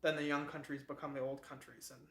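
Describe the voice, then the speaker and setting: A man's voice: mid-range voice, level tone, quick pace, a bit bright, close to an everyday voice. A man quoting a wise, ninety-four-year-old count. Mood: calm, wise. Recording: echoey room.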